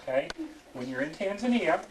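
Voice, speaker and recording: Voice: mid-range voice, expressive, a little fast, background noise. An adult explaining travel health dangers to children in vivid, cautionary terms, recorded on home video. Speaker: health station presenter. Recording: distant roomy home video. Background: crowd chatter.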